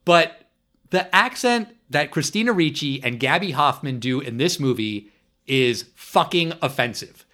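A man's voice: fairly high pitch, expressive, a little slow, bright, forceful tone. A man hosting a casual podcast, blunt and opinionated. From Long Island, New York. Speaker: podcast host. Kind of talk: casual chat. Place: apartment in New York.

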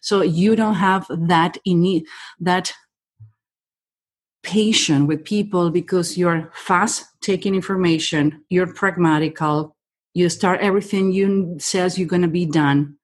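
A woman's voice: on the low side, steady tone. A woman speaking as a human behavior expert on a podcast, reading the listener point by point in direct, non-native English. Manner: direct and rapid-fire, reads the listener point by point, says "honey". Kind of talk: casual podcast conversation.

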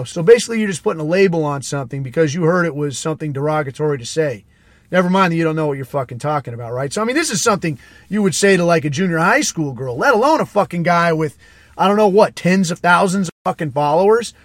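A man rants alone on a podcast in a fairly high voice, swearing freely and answering himself in mocking voices. He sounds sarcastic and exasperated. The sound is dry and close, with no room echo. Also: animated, brisk. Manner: profane, sarcastic, mimics people he mocks. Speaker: podcast host. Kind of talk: casual solo rant.

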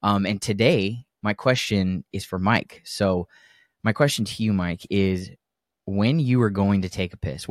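A man's voice: deep voice, no echo, clean studio sound. A man hosting a podcast, chatting in a loose, crude, joking way with lots of fillers. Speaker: podcast host. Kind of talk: casual podcast chat.

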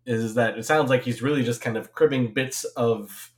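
A man in his thirties talks at an ordinary middle pitch on a casual podcast. He rambles and hesitates, with lots of fillers between his points. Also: normal speed. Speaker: podcast co-host.

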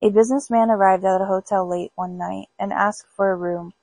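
A woman's voice: medium pitch, fairly even intonation, a little fast, a little mellow, dry recording, rough recording. A woman hosting a podcast, reading spooky folk tales aloud in an unpolished amateur way with small stumbles. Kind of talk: storybook read-aloud.

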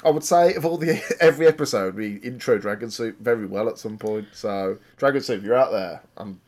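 A man's voice: lowish voice, fairly quick, a little mellow. A man with a British accent co-hosting a podcast, bantering casually in a teasing, slangy way. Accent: British English. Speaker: podcast co-host.

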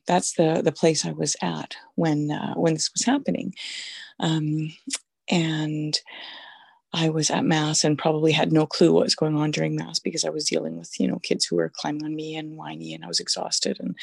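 Gravelly, husky-voiced woman giving testimony. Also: low-pitched, little pitch movement, a little mellow, dry recording. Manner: halting, reflective, many fillers. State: voice sounds weak or flaky. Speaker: Catholic mother sharing testimony. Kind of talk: personal faith testimony.

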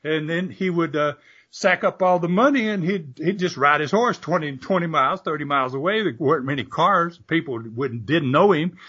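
A man's voice: a little high, normal speed, pushed and bright, husky. Older guy telling long rambling stories, lots of uh and restarts, dull lo-fi audio. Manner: rambling anecdotal, frequent fillers and restarts, laughing asides. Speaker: guest, former wrestler and promoter. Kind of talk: storytelling interview.

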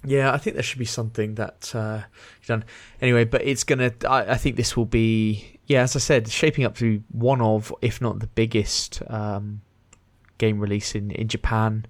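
A man's voice: fairly low pitch, level tone, normal speed, no echo. A man co-hosting a gaming podcast, chatting casually and rambling with fillers and restarts. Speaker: podcast co-host. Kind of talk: casual chat.

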